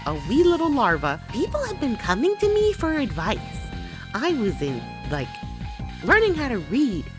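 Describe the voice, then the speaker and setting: A woman streamer chatting casually to her viewers in a playful, giggly, self-deprecating way, on a close mic. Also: a little high. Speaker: VTuber streamer. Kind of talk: casual chat to camera.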